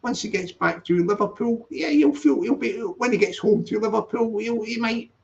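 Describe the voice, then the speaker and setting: A man rambles through a casual live-stream chat, stopping to read the chat and correct himself. His voice sits high and has a gravelly edge. The recording sounds dull and lo-fi. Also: normal speed, a little mellow. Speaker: channel host.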